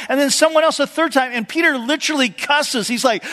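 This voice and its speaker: A man preaching a sermon with a fairly high voice, telling the story casually and leaning on "you know" asides. He acts out quotes with a lifted voice. The sound carries a long reverb, as from a large hall. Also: lively intonation, a little fast, few pauses, bright, forceful tone. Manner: conversational storytelling, acting out quotes with a raised voice. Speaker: pastor.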